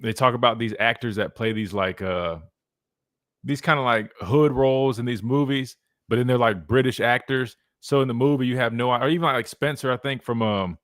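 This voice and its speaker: A man's voice: medium pitch, moderate pace, a bit bright, no room sound, clean studio sound. Laid-back man hosting sports radio. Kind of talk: casual sports talk. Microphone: studio mic.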